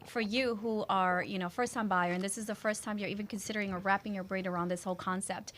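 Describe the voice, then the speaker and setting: A woman's voice: mid-range voice, fairly even intonation, quick pace, a bit bright, slight background noise. A woman hosting a podcast, explaining things in an enthusiastic, casual way. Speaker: podcast host.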